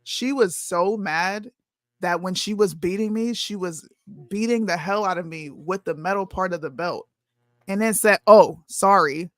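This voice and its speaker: A podcast co-host with a mid-pitched voice, talking bluntly and frankly in casual conversation. The mic sound is close and dry. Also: normal speed, no echo. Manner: blunt, frank, says "bro". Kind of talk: casual chat.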